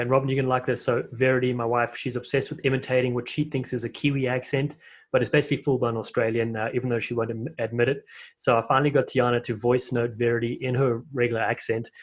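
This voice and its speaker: A man's voice: mid-range voice, level tone, fast talker. A man with a South African accent hosting a rugby podcast, chatting casually and telling stories with plenty of fillers. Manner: chatty storyteller with frequent fillers. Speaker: podcast host and rugby commentator.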